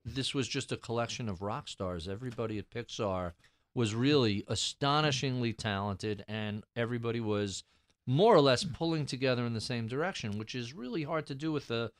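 A man hosting a podcast, asking measured, attentive interview questions. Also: mid-range voice. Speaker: podcast host.

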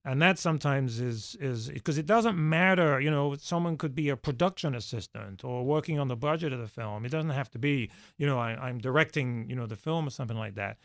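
Gravelly, halting man in an interview. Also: mid-range voice, dry recording, studio quality. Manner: halting, many restarts and fillers, thoughtful. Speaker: podcast guest, former studio executive. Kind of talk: conversational interview answers.

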